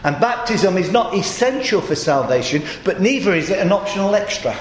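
Groggy preacher, high voice, echoey hall. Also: male voice, big pitch swings, fairly quick, a little hiss or hum. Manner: storytelling, conversational preaching. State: groggy, slightly hoarse voice. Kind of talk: sermon.

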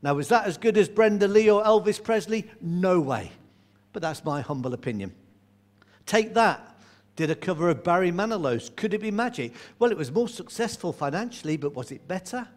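A man's voice: high-pitched, lively intonation, normal speed, darkish tone. A man, a church elder, preaching a sermon in a chatty storytelling way, asking his listeners questions.

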